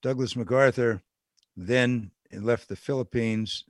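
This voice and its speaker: A man's voice: medium pitch, slow pace, no echo, studio quality. A man hosting a political call-in radio show, speaking with indignant disbelief and laughing at what he reports. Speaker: radio talk show host. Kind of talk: political talk radio monologue. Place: radio studio. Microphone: studio microphone.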